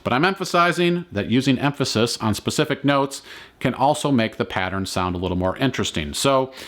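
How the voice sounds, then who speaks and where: Calm man teaching ukulele. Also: medium pitch, fairly quick. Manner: calm, explanatory, counts beats aloud. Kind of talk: instructional lesson.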